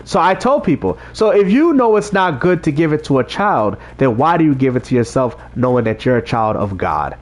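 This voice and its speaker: A man's voice: fairly high pitch, sing-song, brisk, hardly any pauses. A man hosting a casual livestream, talking straight to his chat and preaching about faith, often repeating himself. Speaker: livestream host reading chat.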